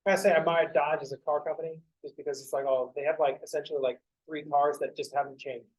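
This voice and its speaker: A man's voice: on the high side, level tone, quick pace, rough recording. A young man lecturing math to a class, joking and rambling off topic, swearing casually as he goes.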